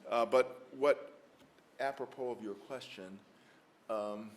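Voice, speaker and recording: A man's voice: mid-range voice, takes it slowly, a little hiss or hum. A man from Mississippi, a lawyer giving a lecture, telling stories in a folksy way with many fillers. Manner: folksy, anecdotal, frequent fillers. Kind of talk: storytelling lecture answer. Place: lecture hall with audience.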